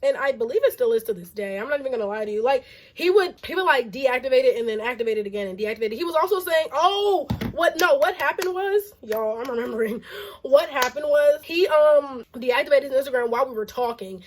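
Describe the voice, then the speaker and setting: A young woman with a high voice, recounting a story to her channel in a casual storytime. She talks in an animated, exasperated way, leaning on "like" and "you know what I'm saying.". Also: fast talker, a little hiss or hum. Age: young adult. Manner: animated and exasperated, heavy use of "like". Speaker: vlogger.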